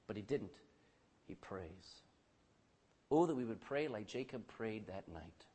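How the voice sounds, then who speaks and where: A pastor preaching a sermon, calling out for amens and dropping between loud bursts and hushed lines. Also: male voice, lowish voice, lively intonation, measured pace, slightly rough. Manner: calls for amen from the congregation.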